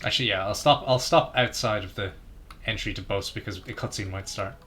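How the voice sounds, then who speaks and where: A man's voice: lowish voice, a little fast, fairly bright tone. A man streaming a video game, chatting casually with friends and teasing them, laughing often. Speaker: streamer playing and commentating. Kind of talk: casual chat while gaming.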